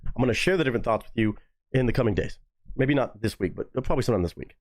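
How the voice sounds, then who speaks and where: A man hosting a live stream, reacting to chat comments in a casual, swearing way with high-pitched mocking asides. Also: lively intonation, racing.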